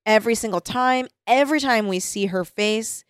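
A young woman co-hosting a casual chat, recapping a book with lively acted-out quotes and frequent laughter. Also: fairly high pitch, normal speed, dry recording. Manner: animated, giggly, acts out quotes. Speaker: podcast co-host.

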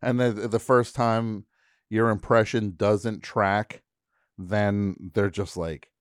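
A man's voice: on the low side, flat delivery, slow pace, no echo, studio quality. A man hosting a radio show, chatting casually and telling a story, breaking into silly put-on voices and accents as he goes. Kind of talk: casual studio chat. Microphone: studio microphone.

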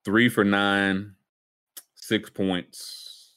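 A man's voice: fairly low pitch, little pitch movement, drawn-out words, a bit bright, clean tone. A man co-hosting a podcast, joking loosely in casual sports chat, often trailing off and restarting. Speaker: podcast co-host.

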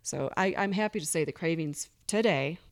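A woman talks candidly as a podcast guest in a voice pitched a little low. She speaks earnestly and openly, now and then slipping into quick quoted asides from her own past. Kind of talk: candid recovery interview.

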